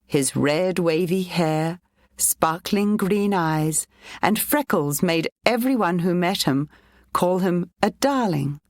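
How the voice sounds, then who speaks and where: A woman narrating a children's storybook in a clear, even reading voice. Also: fairly low pitch, slow pace, dry recording, studio quality.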